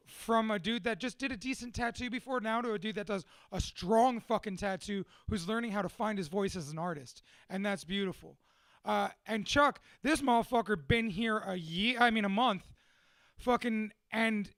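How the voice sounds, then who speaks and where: A man with a high-pitched voice, recorded dry, runs a tattoo studio and is talking to a room of people at a gathering he hosts. His casual live talk is profane, excitable, and heartfelt, full of swearing.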